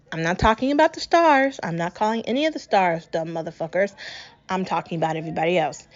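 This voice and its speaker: Young woman ranting on her podcast, cussing constantly, fired up, kinda muffled audio. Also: medium pitch. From New England. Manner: angry, profane, ranting. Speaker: podcast host. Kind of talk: solo political rant podcast.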